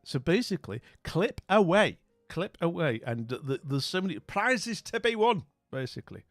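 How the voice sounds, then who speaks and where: Here a British man on a live stream talks to viewers in a fairly high, very animated voice, taking his time. His chat is rambling and casual, often fading into mumbles. Faint music plays in a dry, close recording with no echo.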